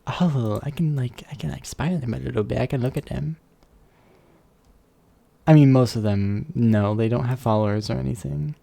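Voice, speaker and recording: A man's voice: mid-range voice, moderate pace, vocal fry, warm tone. A man chatting casually on a live stream from home, rambling and playful, full of asides. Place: warm room at home. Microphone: desk microphone. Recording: slight background hum.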